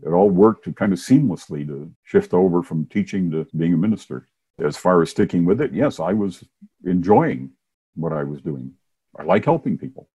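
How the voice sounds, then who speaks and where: An older man speaks in a very low, husky voice, mellow and unhurried. He is a minister and former science teacher who tells his story casually and laughs often. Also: lively intonation. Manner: warm anecdotal storytelling with chuckles. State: hard of hearing, wears hearing aids.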